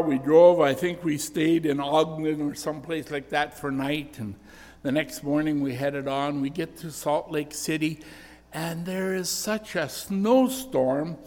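Older guy preaching, earnest story-telling sermon, slow, big church reverb. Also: fairly high pitch, darkish tone. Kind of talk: sermon with personal testimony. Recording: echoey church hall reverb.

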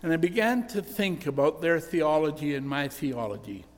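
A man's voice: fairly high pitch, very animated, normal speed. An older man preaching a sermon, telling personal stories in an earnest, storytelling way. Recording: echoey church hall reverb.

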